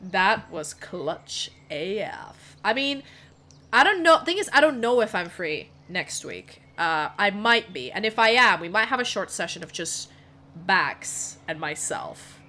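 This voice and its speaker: A woman's voice: medium pitch, big pitch swings, a little slow, sharp tone. A woman narrating a tabletop game as game master, casual and rambling with many fillers.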